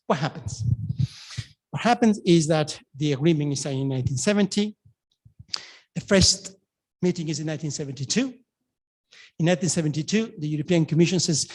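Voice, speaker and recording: A middle-aged man with a Spanish accent giving an academic lecture, telling the story with lively quoted dialogue. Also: on the high side, a little fast, long pauses, slightly rough. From Spain.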